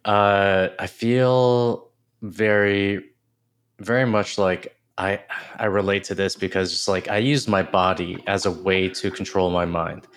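A man hosting a casual podcast interview, thoughtful and halting, often restarting his sentences. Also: sits low, fairly even intonation, a bit bright, clean tone. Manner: reflective, hesitant with many restarts. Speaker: podcast host.

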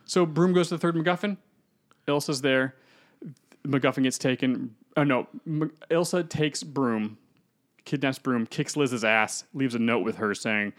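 A man's voice: mid-range voice, a little slow. A man co-hosting a casual podcast, rambling through a film's plot and acting out the characters. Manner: rambling storyteller who acts out characters. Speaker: podcast co-host.

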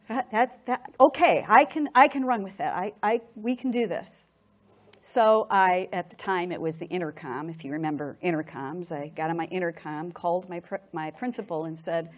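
Speaking to an audience, a middle-aged woman relates her testimony with strong emotion and energy, often doubling up words when stirred. Her pitch is fairly low, at a moderate pace.

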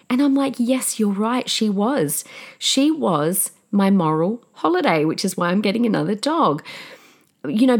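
A middle-aged woman hosting a podcast, talking candidly and emotionally in a casual motivational style, with fillers and restarts. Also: on the low side. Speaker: podcast host.

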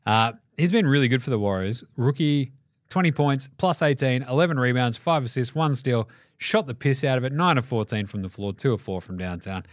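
An Australian man hosting a casual sports podcast, swearing freely and telling animated stories. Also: mid-range voice, brisk, dry recording, clean studio sound. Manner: swearing, laughing, animated storytelling. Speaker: podcast host.

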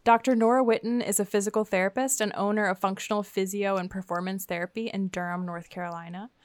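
A woman's voice: medium pitch, steady tone, quick pace, dry recording. A woman with a Southern US accent hosting a podcast, chatting casually and reading an upbeat guest intro. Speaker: podcast host.

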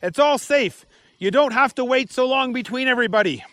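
Boy detective, eldest brother, confident and cheerful, high and eager, with a dry, close sound, as a man reads him. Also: fairly quick, bright, forceful tone, dry recording. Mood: excited.

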